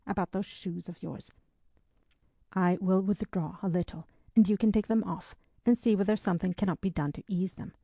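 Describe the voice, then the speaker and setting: A woman reading the part of a courteous, gentlemanly English army captain, soothing and a little masterful, in a dry, mellow voice. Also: medium pitch, gravelly, no room sound.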